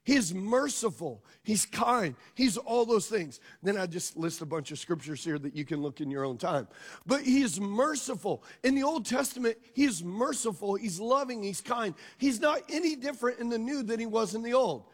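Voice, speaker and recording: A man with a drawl preaches in a very high, strained register, pressing his points and checking in with the congregation. His voice carries a long reverb, the sound of a large sanctuary. He is emphatic and direct. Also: lively intonation, moderate pace. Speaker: pastor. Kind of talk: sermon. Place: church sanctuary.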